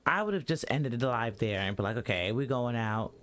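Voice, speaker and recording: A man hosting a podcast, casually reacting to a clip and giving advice in a relaxed, chatty way. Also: mid-range voice, brisk, slight background noise. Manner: laid-back, advice-giving, keeps saying "you know what I'm saying".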